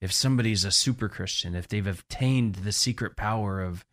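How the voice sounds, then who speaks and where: Low-voiced man, relaxed evangelist. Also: brisk. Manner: relaxed, chuckles while talking. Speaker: guest, evangelist. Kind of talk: casual conversation.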